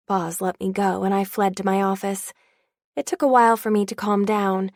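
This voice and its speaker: Gravelly young woman reading an audiobook. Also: mid-range voice, flat delivery, normal speed, darkish tone, no room sound, studio quality. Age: young adult. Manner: wry, confiding first-person voice. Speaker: audiobook narrator. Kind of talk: first-person audiobook narration.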